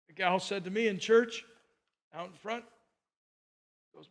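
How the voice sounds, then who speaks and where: A man preaching as a pastor, telling a story with conversational asides and swinging from loud, impassioned lines to hushed ones. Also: sits high, fairly even intonation, a little slow. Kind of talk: sermon.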